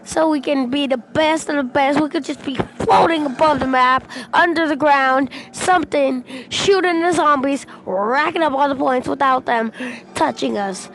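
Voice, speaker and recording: A young female gaming vlogger casually telling a rambling story, excitable and breaking into shouts when she quotes people, into a headset mic. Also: sits high, normal speed, a little hiss or hum.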